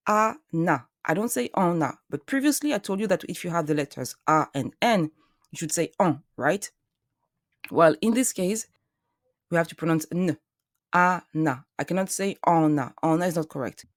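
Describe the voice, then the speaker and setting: A woman's voice: on the low side, lively intonation, fairly quick, no echo, studio quality. A woman teaching French pronunciation, patient and methodical, sounding out each syllable and explaining step by step. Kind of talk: slow, careful pronunciation lesson.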